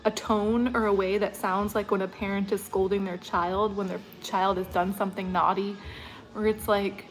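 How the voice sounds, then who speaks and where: A woman's voice: medium pitch, flat delivery, moderate pace, low-quality recording. A woman vlogger chatting casually on a livestream, rambling and laughing often. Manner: mimics an announcer's voice.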